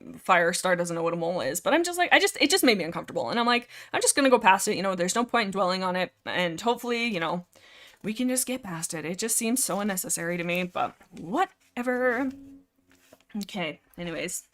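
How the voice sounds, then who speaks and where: A young woman from Canada hosting a casual livestream chat about books, rambling and animated, reading chat aloud. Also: mid-range voice, quick pace. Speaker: livestream host.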